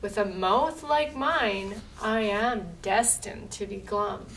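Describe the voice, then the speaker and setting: A woman voicing a glum, pouting male fish in a read-aloud picture book, with a slow sing-song rhyme and a slightly gravelly voice, recorded from a distance with faint room noise. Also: mid-range voice, a bit bright. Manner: sing-song rhyming refrain.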